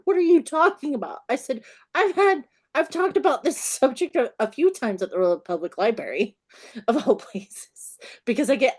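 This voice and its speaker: A woman author is telling stories as a guest on an interview show, and her voice sits high. She laughs through nearly every line and acts out the people she meets along the way. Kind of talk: animated storytelling interview.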